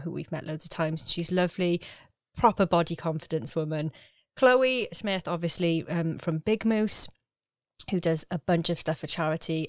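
A woman's voice: low-pitched, no echo, studio quality. Giggly woman in chat. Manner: giggly, chatty. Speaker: podcast co-host. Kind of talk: casual chat.

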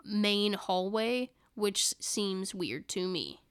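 A woman co-hosting a podcast, chatting casually and reacting quickly. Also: medium pitch, lively intonation, clear, resonant tone, no room sound, studio quality. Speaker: podcast co-host. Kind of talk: casual chat.

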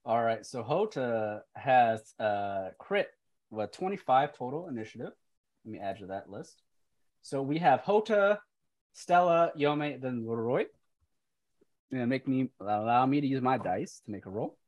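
A game master slowly narrating a tabletop game in a descriptive, playful way. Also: medium pitch, animated, a little mellow.

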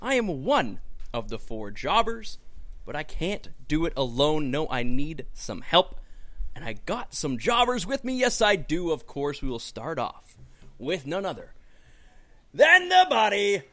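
A man's voice: a little high, wildly swooping pitch, unhurried, sharp tone. A man hosting a casual podcast, opening the show and bringing in his co-hosts with upbeat, hype-style introductions. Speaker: podcast host.

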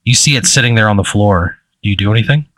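A man narrating a tabletop game as game master, casual and halting, with lots of fillers and restarts. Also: fairly low pitch, a bit bright, no room sound.

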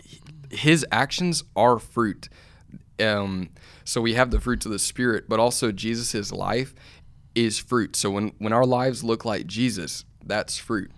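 Low-voiced man getting fired up. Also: measured pace, no echo. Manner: animated, builds to fired-up emphasis. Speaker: podcast co-host. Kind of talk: casual faith chat.

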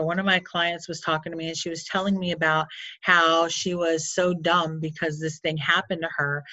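A woman with a lowish voice tells a personal story in a loose, chatty way, scattering "like" and side remarks as she goes. The sound is dry and a little dull and lo-fi, with no room around her. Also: a bit bright, no room sound. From Florida. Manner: candid and chatty, full of "like" and asides. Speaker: coach or counselor.

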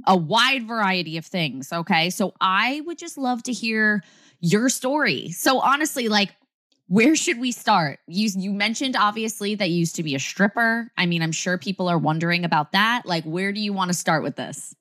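A woman's voice: medium pitch, animated, moderate pace, a bit bright. A woman with a New Jersey accent hosting a story podcast, gushing and enthusiastic as she interviews a guest. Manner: gushing, enthusiastic, repeats phrases. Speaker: podcast host. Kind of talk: casual interview chat.

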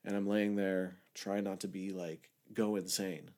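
Man, lowish voice, casual rambling storyteller, candid and profane, swings from loud bursts to quiet mutters. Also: level tone, a little slow. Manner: rambling, candid, heavy swearing, frequent "like" fillers; shifts between loud outbursts and low mutters. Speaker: storyteller recounting his own past.

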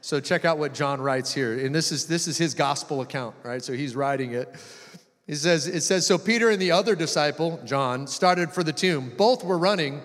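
A man's voice: a little high, normal speed, fairly bright tone. A man preaching a sermon, reading scripture and retelling it dramatically, acting out the voices he quotes. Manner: dramatic, acts out quoted voices with rising intensity. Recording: long hall reverb.

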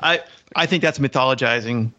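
On a muffled recording, a male podcast co-host talks fairly quickly in a mid-range voice. He's casual, animated and emphatic, repeating words for stress, and he reads passages from a book aloud.

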